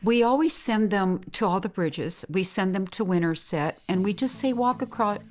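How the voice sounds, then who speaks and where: A woman's voice: mid-range voice, lively intonation, moderate pace, a little mellow. A middle-aged woman with a Midwestern American accent, a bed and breakfast owner chatting in an interview and telling stories with acted-out voices. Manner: chatty storyteller, acts out quoted voices, laughs often. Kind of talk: casual interview chat.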